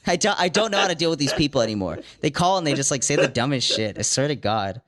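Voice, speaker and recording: Fast-talking ranting young man. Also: a little high, sing-song, fairly bright tone. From Virginia. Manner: profane, ranting, quick-talking. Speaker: podcast co-host. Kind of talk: casual podcast chat.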